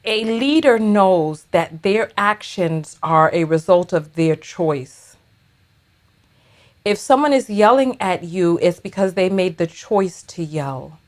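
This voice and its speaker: A woman's voice: fairly low pitch, animated, slow pace, darkish tone. A woman giving blunt, sassy reaction commentary on a video, firing back retorts at what she watches.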